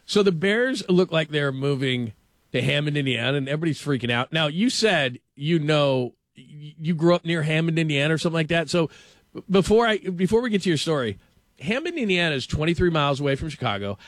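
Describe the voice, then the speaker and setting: A man hosting a casual sports talk show, animated and opinionated, stumbling over restarts as he rants. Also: on the high side, brisk, no echo. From Los Angeles.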